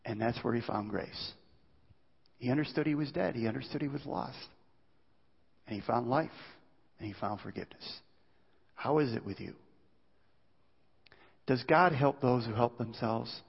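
A man preaching a sermon as pastor, earnest and pleading, often dropping to a hushed low voice. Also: a little slow, vocal fry, pauses often, husky. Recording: dull sound in a reverberant hall.

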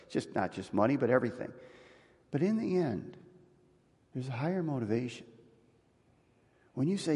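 A man preaching a sermon as pastor, earnest and building to emphatic, forceful points. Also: medium pitch, big pitch swings, normal speed, pauses often. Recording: long reverb of a large hall.

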